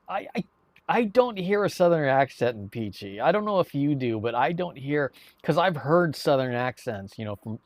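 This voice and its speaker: A man's voice: medium pitch, no room sound. A man chatting casually to viewers on a live stream, rambling, with many restarts and repeated words. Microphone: streaming mic.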